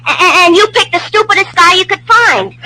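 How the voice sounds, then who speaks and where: A woman's voice: very high-pitched, lively intonation, a little fast, very noisy. A woman playing a brash young wife of an army lieutenant, wisecracking and indignant, in 1940s radio acting style.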